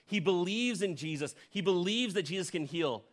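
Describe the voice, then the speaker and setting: A male pastor preaching a sermon who tells the story vividly, swings from loud emphasis to hushed near-whispers, and puts questions to his congregation. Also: high voice, lively intonation, normal speed. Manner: addresses the congregation directly with questions.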